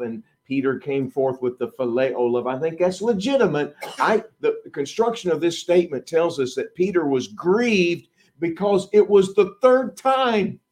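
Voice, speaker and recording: A middle-aged man preaching a sermon, acting out the disciples' voices and swinging between loud emphasis and hushed asides. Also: a little high.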